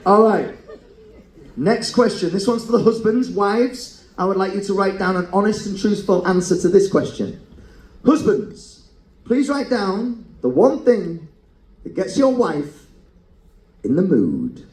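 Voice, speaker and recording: A man hosting a comedic live game show on a cruise ship, teasing contestants with quick banter and frequent laughter. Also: high voice, very animated, darkish tone, roomy sound, low-quality recording.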